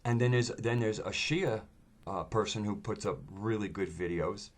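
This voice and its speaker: A man talking in a casual monologue, rambling and hesitant, with frequent pauses and fillers. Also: on the low side. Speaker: video host.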